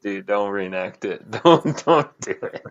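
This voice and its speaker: Joking man with a lively voice on lo-fi audio. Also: lowish voice, measured pace, creaky. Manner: joking, laughs often. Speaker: co-host on a live show. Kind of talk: casual live-stream banter.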